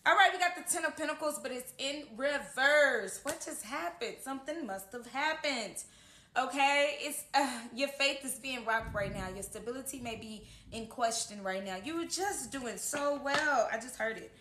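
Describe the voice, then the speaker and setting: A woman with a high, bright, forceful voice gives a casual tarot horoscope reading at a normal pace, earnest and encouraging, often asking "okay?" It's recorded in an echoey room at home, with a little hiss or hum.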